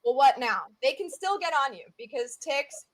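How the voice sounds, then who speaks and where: With a high voice and normal speed, a woman from the US South speaks as the expert in a relaxed interview. Her delivery is lively and talkative, full of filler words.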